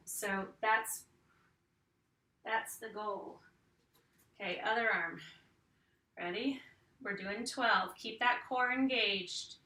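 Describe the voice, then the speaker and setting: A woman's voice: medium pitch, slow, long pauses, sharp tone, roomy sound, distant mic. A woman fitness instructor leading a home arm workout, counting reps and cueing each move while she exercises along.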